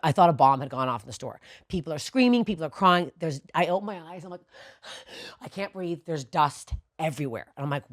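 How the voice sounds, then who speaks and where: A woman co-hosting a podcast, telling a story in a profane, animated way that swings from low muttering to loud bursts. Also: no echo, clean studio sound. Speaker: podcast co-host. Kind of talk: storytelling in casual podcast chat.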